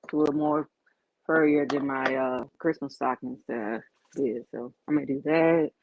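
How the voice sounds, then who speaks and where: A woman's voice: extremely low pitch, steady tone, moderate pace, noisy background. A woman with a Southern US accent hosting a casual crafting livestream, chatting and thanking viewers as she works. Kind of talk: casual live-stream chat. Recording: dull, dry, lo-fi stream audio.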